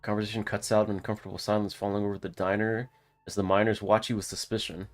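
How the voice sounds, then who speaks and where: A man hosting a let's play, reading a story game aloud and thinking out loud in a casual way. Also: lowish voice, little pitch movement, fast talker, faint music behind.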